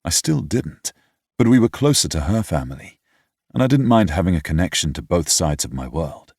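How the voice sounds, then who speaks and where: A man's voice: low-pitched, sing-song, moderate pace, a little mellow, husky, no echo, studio quality. A young British man narrating a first-person romance audiobook in a reflective, wry, slightly pompous way. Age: young adult.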